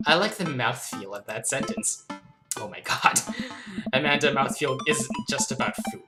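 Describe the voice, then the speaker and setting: Young woman, low voice, lively swoops, playful and giggly, game music underneath. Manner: playful, giggly, reads lines in character. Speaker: let's play host. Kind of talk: reading game dialogue aloud and commenting.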